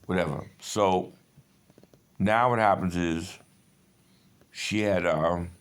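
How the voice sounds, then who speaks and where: A man's voice: low voice, slow pace, clear, resonant tone. Agitated, profane man in his fifties. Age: 50s. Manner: agitated, profane, digressive storytelling. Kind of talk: rambling personal monologue.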